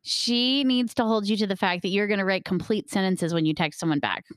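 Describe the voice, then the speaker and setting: A woman's voice: medium pitch, fairly quick, no room sound, studio quality. A young woman co-hosting a podcast, chatting casually, teasing and insistent, often laughing. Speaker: podcast co-host. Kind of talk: casual chat.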